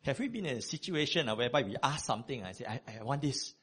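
A man preaching a sermon, conversational and animated, with many fillers. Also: medium pitch, fast talker, breathy edge.

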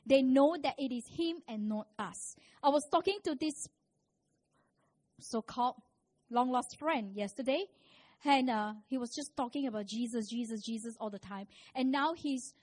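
A woman's voice: sits high, unhurried, pauses often. Woman preaching a sermon. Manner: storytelling, rising to loud emphatic preaching.

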